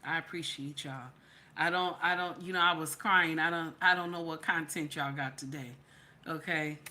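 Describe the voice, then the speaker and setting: A woman's voice: low voice, steady tone, moderate pace, sharp tone. A woman hosting a live vlog, speaking emphatically and repeating herself, tearful after crying. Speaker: channel host. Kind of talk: live-stream reaction vlog.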